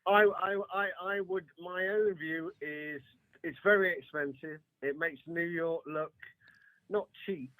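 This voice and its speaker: Guest spot: English man, higher voice, halting and full of fillers, dry close sound. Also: pushed and bright, no echo, rough recording. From England. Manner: hesitant, many restarts and fillers. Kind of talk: casual podcast chat.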